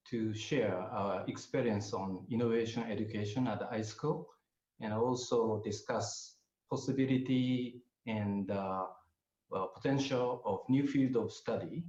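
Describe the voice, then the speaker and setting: An older man with a Japanese accent presents a webinar lecture, his English measured and halting, with many pauses. The sound is roomy and a little muffled. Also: lowish voice, a little mellow. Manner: hesitant, many pauses and fillers. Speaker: guest lecturer. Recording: roomy, slightly muffled audio.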